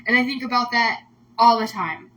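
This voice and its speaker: A woman's voice: on the high side, moderate pace, bright, forceful tone, slight background noise, low-quality recording. A woman host talking casually on a livestream, emotional and rambling, full of "like" fillers. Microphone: phone or webcam on a livestream.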